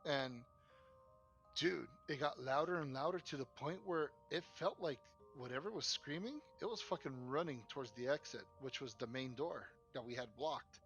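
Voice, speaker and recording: A young man co-hosting a podcast, casually telling a story in an animated, profane way and acting out what people said. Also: medium pitch, moderate pace, dull audio, faint music behind. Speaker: podcast co-host.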